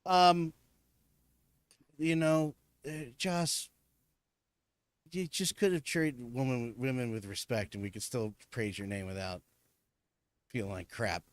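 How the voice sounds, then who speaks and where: A man co-hosting a casual podcast, chatting excitedly and swearing as he rants about shows. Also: medium pitch, no echo. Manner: excitable, profane ranting with frequent laughs. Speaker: podcast co-host. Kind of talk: casual chat.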